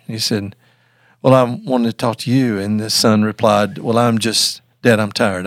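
An older man, a podcast guest, telling a story earnestly with many halting restarts, recorded close on a studio mic. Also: on the low side, fairly even intonation, dry recording. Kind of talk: storytelling in an interview.

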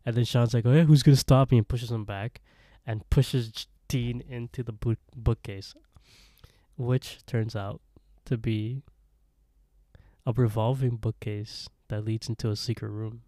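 Man, podcast co-host, slow easygoing delivery, dark mellow tone, giggly, casual recap. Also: fairly low pitch, flat delivery, no room sound, clean studio sound. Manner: laughs often, retells scenes in quoted voices.

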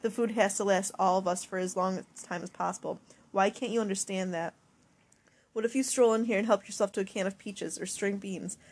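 A woman's voice: mid-range voice, steady tone, brisk, darkish tone, slightly rough. Woman reading as a stern rationing mother. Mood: weary firm. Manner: cold, clipped commands, then weary lecturing. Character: stern, frightened mother rationing scarce food. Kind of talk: audiobook character voice.

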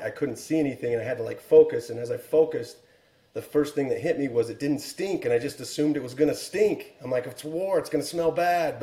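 A man in his forties tells a story as a podcast guest, earnest and reflective, pausing to restart his thoughts. His voice is mellow and warm, and the room around him has a noticeable echo. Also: mid-range voice. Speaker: guest, Air Force helicopter pilot and author.

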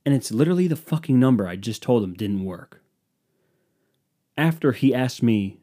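A man's voice: medium pitch, lively intonation, moderate pace, long pauses, dark tone. A young man hosting a podcast, telling a profane, exasperated story in a casual solo rant. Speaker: podcast host.

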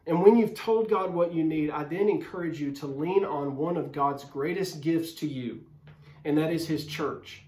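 A man's voice: fairly high pitch, a little mellow. A man preaching a sermon as a pastor, speaking earnestly and directly to his listeners through a phone camera. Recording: roomy echo.

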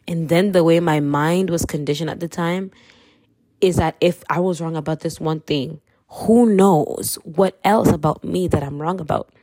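A woman's voice: low-pitched, normal speed, dark tone, no room sound, studio quality. A young woman from Kenya with a light Kenyan accent, candidly sharing her faith story in a chatty, slangy way and laughing often. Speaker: podcast host. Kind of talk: casual faith testimony.

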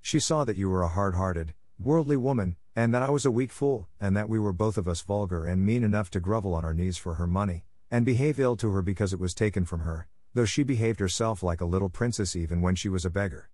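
A man's voice: low-pitched, quick pace, few pauses, a little mellow, dry recording, studio quality. A man reading aloud, voicing a timid spinster schoolmistress who breaks into hysterics, in a raised, pleading voice. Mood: hysterical.

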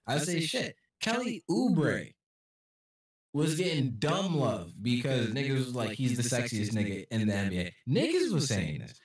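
A man's voice: medium pitch, sing-song, normal speed, hardly any pauses, distant mic. A man co-hosting a casual podcast chat who acts out what people say as he tells stories. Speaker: podcast co-host. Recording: echoey room, off the mic.

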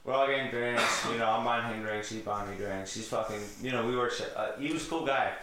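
A man's voice: mid-range voice, brisk, very echoey, over a noisy crowd, poor audio. A man in his late twenties co-hosting a podcast, swearing and teasing in casual chat. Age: late 20s. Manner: loud laughs, lots of swearing, teasing. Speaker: podcast co-host and producer.

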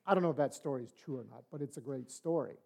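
An older man teaching a Bible study in a relaxed, folksy, conversational way, telling stories. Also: medium pitch, very fast, gravelly. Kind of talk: sermon-style storytelling and teaching.

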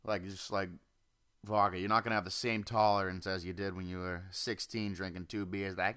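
A man's voice: low-pitched, fairly even intonation, moderate pace, sharp tone, clear, resonant tone. A young man hosting his own podcast from home, ranting casually, swearing constantly and jumping from topic to topic on a desk mic. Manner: profane, rambling, jumps off topic. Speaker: podcast host. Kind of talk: casual solo rant. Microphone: home computer or desk mic.

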